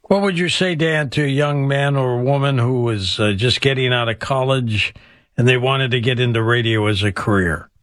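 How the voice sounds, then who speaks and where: A man's voice: medium pitch, normal speed, a bit bright, dry recording, studio quality. A man hosting a late-night radio talk show, interviewing a guest in a friendly, conversational way.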